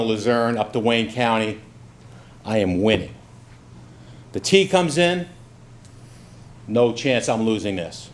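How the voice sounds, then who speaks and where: A man in his fifties, raised in Brooklyn, gives a folksy campaign speech at a candidates' forum. He mixes self-deprecating stories with his résumé. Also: mid-range voice. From Brooklyn, New York. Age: 50s. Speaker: judicial candidate.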